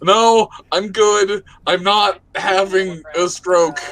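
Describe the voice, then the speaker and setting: A man playing in a tabletop game who calmly and plainly reassures the others that he is fine. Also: sits high, slow, creaky, rough recording. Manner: calm, matter-of-fact reassurance.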